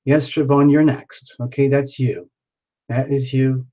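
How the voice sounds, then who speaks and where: A man's voice: mid-range voice, level tone, unhurried, muffled recording, background noise. A man hosting a live tarot reading, chatting and rambling as he reads out viewers' names.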